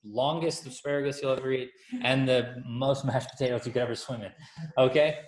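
A man's voice: medium pitch, fairly even intonation, fairly quick. A man giving a casual, playful sermon that keeps asking the audience questions. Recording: echoey room.

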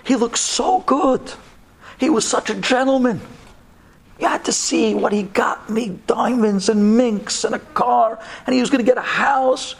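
A man's voice: very high-pitched, a little slow, vocal fry, breathy edge, voice pushed up, heavily acted. A man voicing a distraught young woman who cries and pleads as she pours out her story. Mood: distraught pleading. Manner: sobbing, outraged rising pleas.

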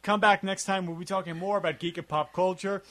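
A man hosting a casual podcast, talking in a relaxed, rambling way with many fillers. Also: sits high, a little fast. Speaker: podcast host.

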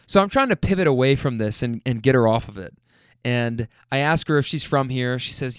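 A rideshare driver tells funny stories about his passengers, laughing and swearing in animated, casual storytelling. His medium-pitched voice is a little fast, clear, and resonant, in a clean studio recording with no room sound.

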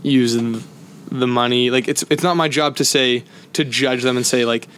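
A man's voice: medium pitch, steady tone, moderate pace, fairly bright tone, clean tone. A man co-hosting a podcast in casual chat, earnest and agreeable. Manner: earnest, agreeable, laughs easily. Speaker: podcast co-host.

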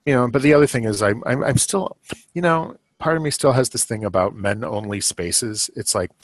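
A man's voice: medium pitch, normal speed, dry recording. A middle-aged man hosting a podcast, chatting casually in a rambling way with lots of fillers and chuckles. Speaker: podcast host. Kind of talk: casual chat.

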